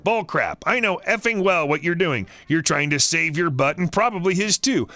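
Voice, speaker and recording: A man's voice: a little high, lively intonation, moderate pace, pushed and bright, dry recording. A man voicing a rude, entitled woman customer who rants, swears and makes accusations. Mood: ranting.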